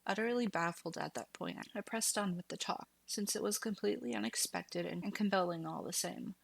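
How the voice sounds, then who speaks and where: A woman reading a horror story aloud as scripted narration in a hushed manner that slips into whispers. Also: fairly low pitch, moderate pace, creaky, slightly rough, no echo.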